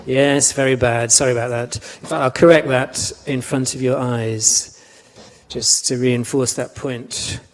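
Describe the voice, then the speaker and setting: A man's voice: medium pitch, fairly even intonation, a little slow. A man teaching a class, chatty, repeating words and asking the students questions. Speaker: language lecturer. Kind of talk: classroom lecture. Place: lecture room. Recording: long reverb of a lecture hall.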